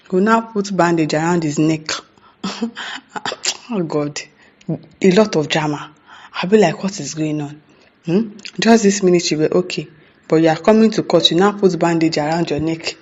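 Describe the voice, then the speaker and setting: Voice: mid-range voice, normal speed, long pauses, muffled recording. A commentator with a Nigerian accent giving casual news commentary. The commentator keeps asking rhetorical questions, adds "eh?" and "hmm?", and laughs between remarks.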